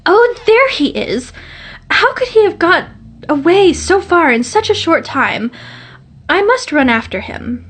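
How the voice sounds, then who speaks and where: Eager breathless girl of eleven, high and pleading, woman puts it on for a storybook. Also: sing-song, a little slow.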